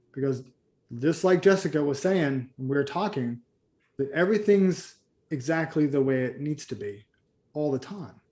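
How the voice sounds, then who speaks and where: A man's voice: fairly high pitch, warm tone. A man leading a live group coaching call, telling stories and acting out the voices of the people in them. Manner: storytelling, acts out quoted voices. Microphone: video call.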